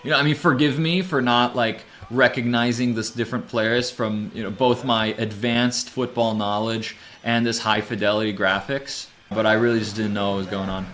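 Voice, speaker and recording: Rambling, excitable male game streamer. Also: medium pitch, moderate pace, few pauses. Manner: rambling, laid-back, bursts into excited shouts. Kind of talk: casual live gameplay commentary.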